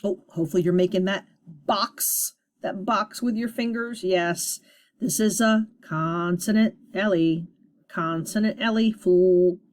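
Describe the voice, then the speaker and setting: A woman teacher giving a recorded phonics lesson to young students, upbeat and sounding out each sound deliberately. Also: on the low side, darkish tone.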